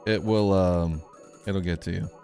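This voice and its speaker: A man's voice: deep voice, fairly even intonation, measured pace, vocal fry, warm tone. Rambling young man streaming over music. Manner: rambling storyteller, many fillers and restarts. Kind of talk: casual live-stream chat while gaming.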